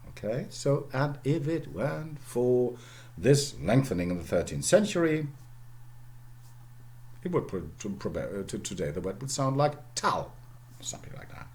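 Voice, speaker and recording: Low lively male lecturer, many fillers. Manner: explains slowly with many fillers and tag questions. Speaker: university lecturer. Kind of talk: recorded lecture.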